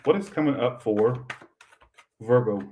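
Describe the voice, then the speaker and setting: A man's voice: mid-range voice, a little slow, warm tone, slight background noise, poor audio. Young male tarot reader on a live stream: chatty and rambling, swears freely, ordinary mid-range voice.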